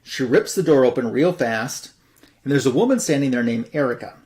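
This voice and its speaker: A man's voice: mid-range voice, expressive, fairly quick, a little mellow. A man hosting a comic book show, casually retelling a story in a loose, rambling way full of fillers. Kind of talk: casual plot recap.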